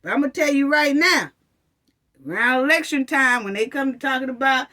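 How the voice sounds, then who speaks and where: A woman's voice: high-pitched, animated, a little fast, bright, forceful tone. A woman giving passionate, repetitive commentary to her viewers, mocking officials with quoted phrases. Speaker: commentary channel host.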